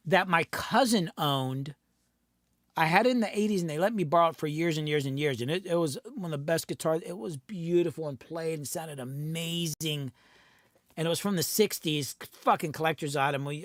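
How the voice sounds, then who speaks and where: A man's voice: fairly high pitch, fairly bright tone, no echo, clean studio sound. A middle-aged man hosting a casual livestream chat, talking bluntly and profanely about his work as a recording engineer and producer.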